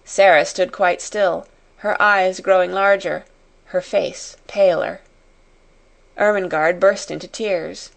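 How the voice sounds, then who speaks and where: A woman reading a classic story aloud in a measured, expressive way. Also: fairly low pitch, creaky. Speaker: audiobook narrator. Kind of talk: scripted storybook narration.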